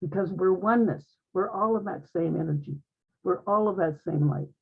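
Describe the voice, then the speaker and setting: Woman, husky voice, earnest uplifting spiritual talk, phone-line sound. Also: lowish voice, normal speed. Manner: earnest, uplifting, repeats phrases. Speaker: guest speaker in an online group conversation.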